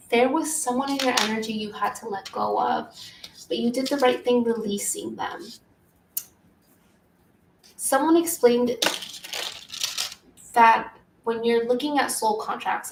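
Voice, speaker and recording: A woman's voice: fairly high pitch, far from the mic, noisy background. Echoey woman giving a tarot reading. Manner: flowing spiritual talk, stops to scold her pets. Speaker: tarot reader. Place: home room.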